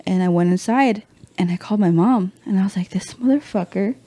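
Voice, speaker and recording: Young woman telling a lively, salty story. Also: medium pitch, brisk. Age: young adult. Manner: animated, acts out quotes, swears freely, slangy. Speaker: podcast guest. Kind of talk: casual storytelling chat.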